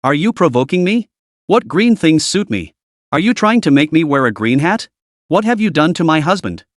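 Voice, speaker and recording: A man's voice: fairly high pitch, very animated, normal speed, no room sound, studio quality. A man voicing a jealous, furious woman who snaps and accuses coldly. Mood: angry, cold. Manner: cold, snapping, accusing.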